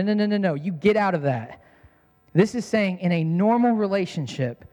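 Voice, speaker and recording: A man's voice: high voice, darkish tone. A man in his thirties preaching a sermon as a pastor, earnest and emphatic, repeating his key lines. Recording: long hall reverb.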